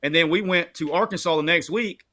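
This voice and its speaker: A man's voice: fairly high pitch, fairly quick, bright, forceful tone. A man who played the game, now an analyst on a postgame show, ranting in fiery, profane, coach-style commands. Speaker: former player turned analyst.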